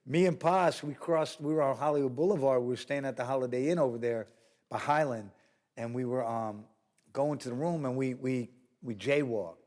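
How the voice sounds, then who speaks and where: Speaking at a moderate pace in a medium-pitched voice, this middle-aged man from New York recounts a wild tale as an interview guest. He swears freely, stays animated, and performs the voices of others, cops among them.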